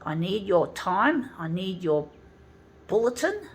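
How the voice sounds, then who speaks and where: A woman's voice: medium pitch, big pitch swings, slow pace, a little hiss or hum. A woman ranting angrily to her viewers, swearing and repeatedly calling them "folks.". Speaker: vlogger. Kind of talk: ranting monologue to camera.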